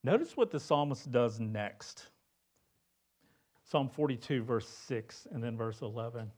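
A male pastor preaching a sermon in a conversational way, often asking "right?" and swinging between loud emphasis and hushed lines. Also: mid-range voice, animated, measured pace.

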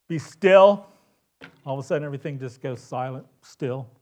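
A man preaching a sermon in church as pastor. He swings from loud, urgent cries to hushed, quiet tones. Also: medium pitch, flat delivery, fast talker.

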